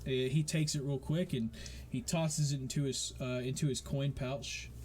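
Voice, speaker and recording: A man's voice: mid-range voice, fairly even intonation, moderate pace, a little mellow. A man narrating a tabletop game as game master, rambling with many fillers.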